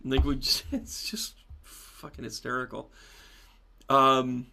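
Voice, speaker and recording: A man hosting a casual live stream as a spiritual medium and astrology teacher, chatting animatedly with viewers and breaking into loud laughter. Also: mid-range voice, level tone, slow, vocal fry, slight background noise.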